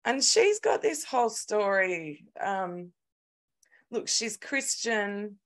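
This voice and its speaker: An Australian woman co-hosting a podcast, telling a story in an animated, sweary, casual way. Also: mid-range voice, takes it slowly. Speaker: podcast co-host. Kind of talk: casual chat.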